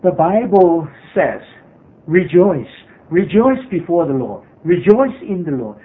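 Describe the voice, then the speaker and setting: High-voiced preaching man, tinny sound. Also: big pitch swings, slow pace, a little hiss or hum. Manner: earnest, repetitive preaching with frequent hesitations. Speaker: pastor. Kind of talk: sermon. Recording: tinny phone-like sermon recording.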